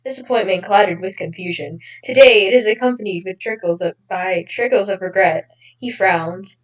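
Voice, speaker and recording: A woman's voice: mid-range voice, moderate pace, reverberant, recorded from a distance, poor audio. Woman giggling through a read-aloud. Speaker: reader of fan fiction. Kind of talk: casual read-aloud with a friend.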